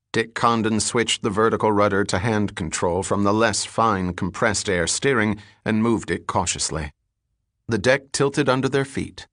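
A man reading an adventure novel aloud in measured, scripted narration. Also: on the low side, a bit bright, no room sound, studio quality. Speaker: audiobook narrator.

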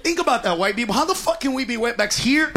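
An American male stand-up comedian riffing loudly and profanely at his audience in a comedy club. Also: extremely high pitch, lively intonation, fast talker. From United States. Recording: loud crowd laughter and noise, live club.

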